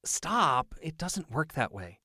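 An excitable, insistent teenage boy, voiced by a man reading an audiobook, pleading and breathless in a pitched-up voice. The recording is dry and close. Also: takes it slowly, no room sound, full character voice. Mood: eager insistent. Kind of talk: audiobook character voice.

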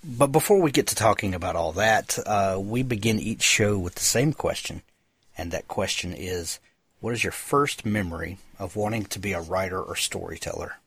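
A male podcast host with a low, husky voice, chatting eagerly with a guest and scattering fillers through his questions. The sound is dry and close. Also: normal speed, fairly bright tone, dry recording. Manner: enthusiastic, filler-heavy. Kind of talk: casual interview chat.

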